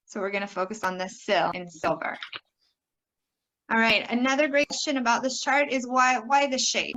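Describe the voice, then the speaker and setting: A woman's voice: a little high, a bit bright, low-quality recording. A young adult woman giving a conference workshop presentation, upbeat and demonstrating word sounds by exaggerating them.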